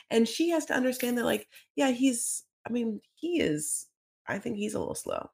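A woman co-hosting a casual podcast, recapping reality TV with lots of filler words and quick asides. She keeps slipping into voices to act out the people in each scene. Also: a little high, creaky. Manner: animated, acts out scenes in voices. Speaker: podcast co-host.

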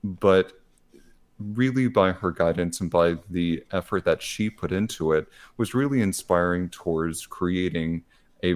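In a casual podcast conversation, a man with a fairly low voice shares workplace stories playfully, acting out what other people said.

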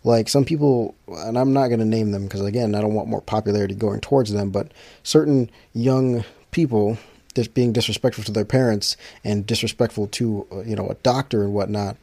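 A man's voice: fairly low pitch, fairly even intonation, fairly quick, gravelly, dark tone, no echo. A man chatting casually to his viewers, rambling with frequent restarts and fillers.

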